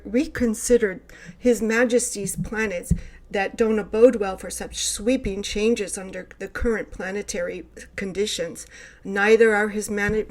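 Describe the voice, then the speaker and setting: A woman's voice: mid-range voice, lightly acted, poor audio. A woman voicing a royal court astrologer who formally warns a king, in a put-on British accent. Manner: formal, archaic courtly address.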